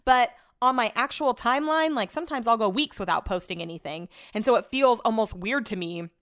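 A woman's voice: a little high, brisk, a bit bright, dry recording. Young woman host, chatty storyteller, casual swearing, dead-dry room. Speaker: podcast host. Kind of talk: casual solo podcast chat.

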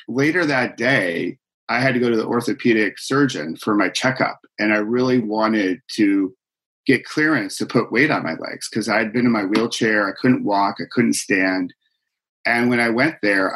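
A man's voice: lowish voice, fairly bright tone, rough recording. Earnest middle-aged man telling his story. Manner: earnest, heartfelt, many fillers. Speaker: guest, executive coach. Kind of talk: conversational storytelling.

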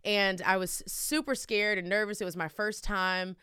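Loud, bright-voiced Texan woman host. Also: medium pitch, normal speed, smooth, no room sound, studio quality. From Texas. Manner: loud, energetic and emotional. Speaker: podcast host. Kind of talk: casual podcast chat.

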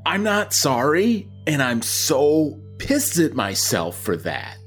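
Brief: male improviser as a self-pitying monster head with an animated voice. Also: a little high, takes it slowly, soft background music, full character voice. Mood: bitter. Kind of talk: improvised comedy podcast.

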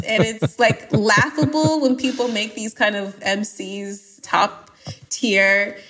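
A woman from Atlanta with an American accent, a podcast guest talking casually in an emphatic, animated way with playful exaggeration. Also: fairly high pitch, a little slow. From Atlanta, USA. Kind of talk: casual conversation.

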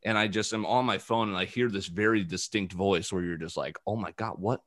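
A man's voice: deep voice, brisk, no room sound, clean studio sound. A young man hosting a podcast, telling loose, profane stories in casual chat. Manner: loose, profane, animated storytelling. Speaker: podcast host.

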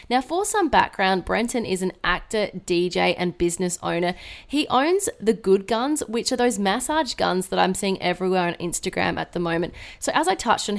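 Creaky-voiced woman host. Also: medium pitch. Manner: read-out segment intros, measured. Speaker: podcast co-host. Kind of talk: scripted narration mixed with chat.

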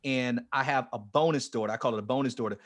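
A man in his forties, a ministry leader, telling his life story with strong emotion, dropping to a hush and then rising almost to a shout. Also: medium pitch, fast. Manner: passionate, swings from hushed to near-shouting. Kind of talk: emotional testimony in an interview.

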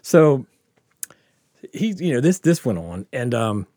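Animated, laughing male storyteller. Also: medium pitch, slow pace, no room sound, studio quality. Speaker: podcast host telling a story. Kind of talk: casual storytelling chat.

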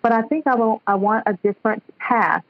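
Husky Southern woman on a phone line. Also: a little high, fairly quick, dry recording. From North Carolina. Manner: hesitant, soft, laughs often. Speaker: caller. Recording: dull, dry phone line.

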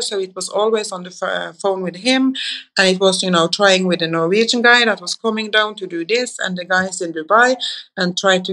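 A woman's voice: medium pitch, fairly bright tone. A woman interview guest, telling long anecdotes in a loose conversational way, with many restarts. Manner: rambling, anecdotal, frequent restarts. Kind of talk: conversational storytelling.

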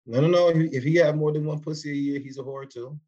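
A man's voice: fairly high pitch, steady tone, quick pace, warm tone, highs cut off. A man in his forties co-hosting a podcast in casual chat, rambling and preachy, recorded on a makeshift mic. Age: 40s. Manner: loose, preachy, rambling street talk. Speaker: podcast co-host. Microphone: broken mic, poor substitute.

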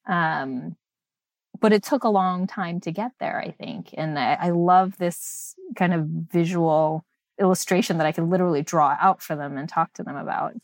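A woman's voice: on the low side, moderate pace, dry recording. A woman talking as a mother seeking parenting advice, speaking in a thoughtful, hesitant way with frequent ums. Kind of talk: casual conversation.

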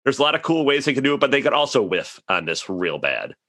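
A man co-hosting a casual podcast chat, wry and quick with joking asides. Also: medium pitch, very animated, pushed and bright, no echo, clean studio sound.

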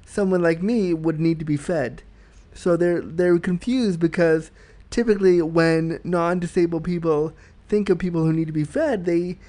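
Frank man with a slightly high voice. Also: darkish tone. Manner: frank and reflective, explaining at length. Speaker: podcast host. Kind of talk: solo podcast monologue.

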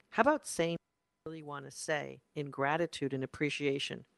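A life coach delivers a motivational talk in an emphatic, insistent way, repeating key phrases. The wording leans spiritual, about energy and the soul. The voice sits at a middling pitch and sounds dry and close. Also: brisk, creaky, a bit bright, dry recording.

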